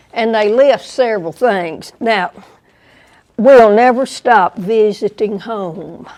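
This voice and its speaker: A woman with a Southern US accent giving a museum lecture, deliberate and dry, with wry asides to the audience. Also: mid-range voice. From American South. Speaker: guest lecturer.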